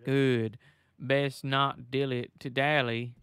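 A man doing a brisk police captain. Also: medium pitch, level tone, fairly bright tone, clean tone.

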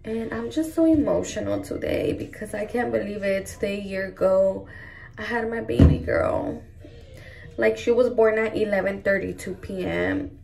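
Emotional young mom vlogger, gravelly voice. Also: female voice, mid-range voice, moderate pace, a little mellow, recorded from a distance, soft background music. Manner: emotional, gushing, says "y'all" and "like" often. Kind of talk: casual vlog chat to camera.

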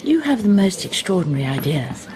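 A woman's voice: fairly low pitch, big pitch swings, fairly quick, crowd noise. An actress playing a chatty, fond middle-aged mother who fusses over her grown daughter in a radio play. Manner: chatty, breezy, fussing.

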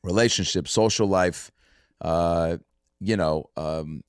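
A man hosting a casual podcast chat, telling stories in an animated way and swearing freely. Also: sits low, slow, smooth, no echo, clean studio sound. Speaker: podcast host and comedian.

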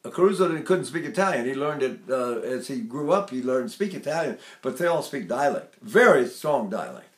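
A man's voice: medium pitch, expressive, fairly quick, hardly any pauses, reverberant. An older man teaching a vocal lesson, talking in a rambling way and breaking off to sing and mimic examples. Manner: rambling, demonstrates by singing and mimicking.

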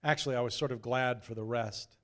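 A man's voice: mid-range voice, fairly even intonation, a little fast, a bit bright. A man from Idaho telling a wry, self-deprecating story as a preacher in a sermon. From Idaho, USA.

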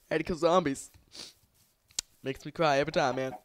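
A man giving casual gameplay commentary, excitable, shouting at the game, laughing often and rambling to himself in between. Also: on the high side, quick pace, no echo. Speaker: gamer.

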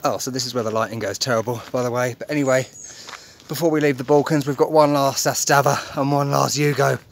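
A man's voice: mid-range voice, steady tone, fast talker, creaky, a little hiss or hum. A man vlogging casually on his phone while travelling, upbeat and chatty, with many ums and laughs. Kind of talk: casual travel vlog narration. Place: outdoors and in a restaurant, on the move. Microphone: phone held in hand.

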